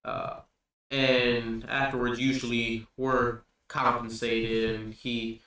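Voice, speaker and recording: A man plays a down-to-earth male stableman who answers questions with patient, folksy explanations. His voice sits in a middle register and carries the ring of a very echoey room. The mic is set back from him, and soft music plays underneath. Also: mid-range voice, flat delivery, slow, far from the mic. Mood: explaining.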